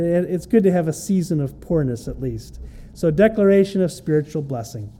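Working through a Bible passage verse by verse, this preacher delivers an expository sermon in a high-pitched voice with a dark tone. His style is plain and conversational, and he repeats key phrases to drive them home.

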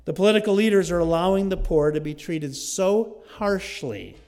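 A man's voice: sits high, animated, normal speed, darkish tone. A man preaching a sermon, emphatic and conversational, driving points home with repeated lists.

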